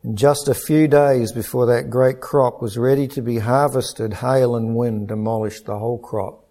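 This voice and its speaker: A middle-aged pastor preaching an earnest, measured sermon with stories. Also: male voice, mid-range voice, steady tone, warm tone.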